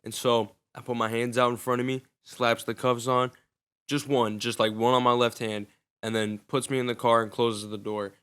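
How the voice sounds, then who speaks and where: A man's voice: medium pitch, flat delivery, normal speed, a bit bright, smooth. A young man casually telling a personal story in loose, profane, slangy talk.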